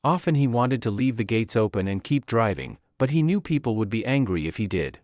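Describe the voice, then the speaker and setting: Casting: male audiobook narrator for learners, clear and plain, lively pitch, dry close sound. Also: brisk, no room sound.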